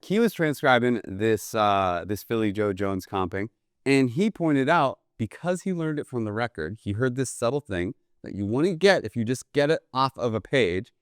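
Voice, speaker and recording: A man teaching a jazz drum lesson in a relaxed, eager way, often checking in with "right?" between drum examples. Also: mid-range voice, normal speed, clean tone, dry recording, clean studio sound. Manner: casual, enthusiastic, keeps asking "right?". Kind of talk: instructional video lesson. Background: drum kit played between phrases.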